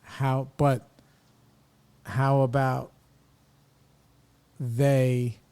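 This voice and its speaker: A man's voice: mid-range voice, flat delivery, drawn-out words, mellow, smooth. A middle-aged man hosting a podcast, ranting bluntly and casually in slangy opinionated talk. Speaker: podcast host.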